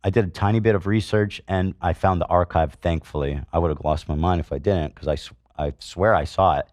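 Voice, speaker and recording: Male podcast host, middle-aged, heated and sarcastic commentary, deep voice, dry studio sound. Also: a little fast, darkish tone, no echo. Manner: indignant, swears, reads comments aloud with sarcasm.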